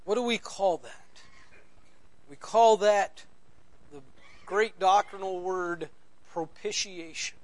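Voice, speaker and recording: High-voiced man preaching a slow sermon. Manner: preaching with sweeping swings from loud emphasis to near-whispered lows; slow deliberate repetition of key phrases. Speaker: pastor.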